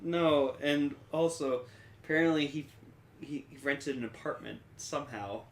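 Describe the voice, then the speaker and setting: A man co-hosting a podcast in casual chat, rambling, swearing freely and laughing as he talks. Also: on the high side. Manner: rambling, swearing, laughing, doing quick impressions. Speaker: podcast co-host. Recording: echoey room.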